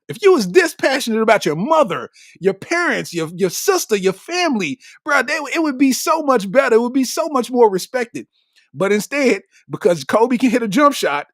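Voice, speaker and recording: High, lively-voiced male comedian. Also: no echo, studio quality. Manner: animated, slangy, laughs at his own jokes. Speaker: comedian podcast host. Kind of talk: comedic monologue.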